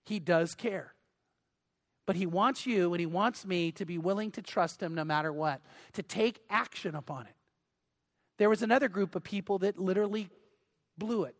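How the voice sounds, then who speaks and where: Male pastor, high voice, earnest sermon delivery with pleading repetitions. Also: normal speed. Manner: earnest, pleading, repeats words for emphasis.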